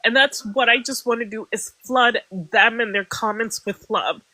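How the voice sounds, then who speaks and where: Woman, panelist, impassioned, caring, bright forceful voice. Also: a little high, normal speed, no echo, rough recording. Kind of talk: live panel discussion.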